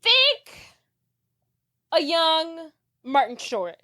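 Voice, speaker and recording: Female podcast co-host, high voice, blunt and profane, casual banter. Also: moderate pace. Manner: blunt, swears freely, animated. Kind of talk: casual chat.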